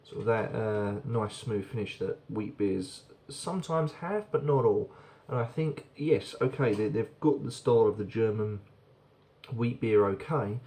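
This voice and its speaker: Chatty man reviewing beer, low mellow voice. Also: animated, unhurried. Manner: chatty, rambling, repeats words. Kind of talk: casual video review.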